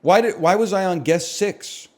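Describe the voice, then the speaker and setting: A man streaming a game and chatting casually, animated and joking, with frequent swearing. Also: high voice, normal speed. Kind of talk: casual chat while gaming.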